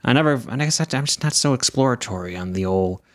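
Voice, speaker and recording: A man's voice: medium pitch, lively intonation, fast talker, no room sound, clean studio sound. A young man co-hosting a podcast, chatty and joking, laughing often. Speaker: podcast co-host. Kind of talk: casual chat.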